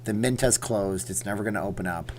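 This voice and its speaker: A man's voice: fairly low pitch, fast, slight background noise. A man hosting a casual livestream from home, rambling and reading viewer comments aloud. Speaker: livestream host.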